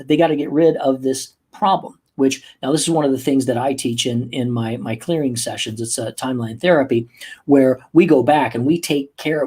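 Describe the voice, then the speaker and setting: Husky-voiced man giving a motivational talk. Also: mid-range voice, a little mellow. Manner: emphatic, acts out angry outbursts. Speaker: podcast host and coach. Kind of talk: motivational podcast monologue.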